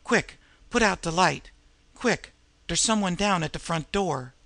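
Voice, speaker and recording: In an old crime story, a man puts on a nervous street crook who growls and snarls his lines in a thick New York street dialect. The voice sits a little high, gravelly and sharp-edged, with the sound close and dry. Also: lively intonation, a little slow, no room sound, full character voice. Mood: urgent.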